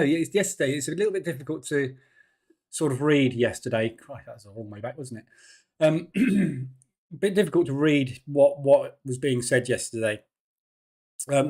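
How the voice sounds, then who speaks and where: Man, live-stream market commentary, chatty and rambling, many fillers, mid-pitched voice, faulty mic. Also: a little mellow. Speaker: trading stream host.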